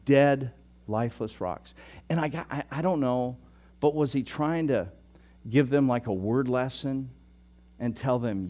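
A man preaching a sermon as pastor, teasing his listeners and telling the story with lively, sudden loud bursts. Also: mid-range voice, unhurried.

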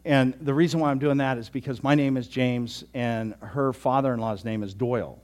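A pastor in his sixties telling a story in a sermon, chatty, often repeating himself and dropping to a soft voice. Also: mid-range voice, steady tone, normal speed. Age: 60s. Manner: conversational, repeats words, drops to soft tones.

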